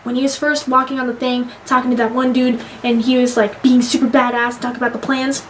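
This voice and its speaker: Young woman, high voice, gushing fangirl energy, swears a lot; casual vlog reviewer. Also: brisk, slight background noise. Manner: excitable, gushing, swears freely. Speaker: movie reviewer.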